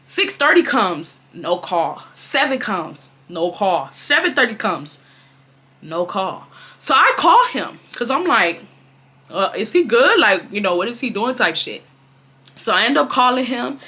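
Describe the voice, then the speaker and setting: A young woman in her twenties from Houston tells a dating storytime straight to her viewers. She is dramatic and animated, swears freely, and keeps calling them y'all. Her voice is bright and clear. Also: on the high side, unhurried. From Houston, Texas. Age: 20s. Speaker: storytime vlogger. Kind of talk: casual storytelling to camera.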